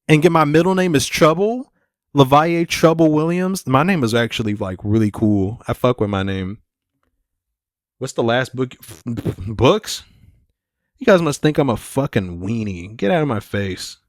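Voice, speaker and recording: A man's voice: mid-range voice, no echo. Young male podcaster, loose and profane, chatting alone on a dry close mic. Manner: profane, rambling, laid-back. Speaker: podcast host. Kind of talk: casual solo podcast chat.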